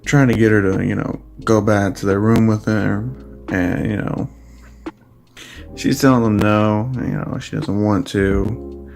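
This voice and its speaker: A man's voice: fairly low pitch, steady tone, unhurried, vocal fry, a little mellow, faint music behind. A man casually retelling a fan story, rambling with many fillers and crude swearing.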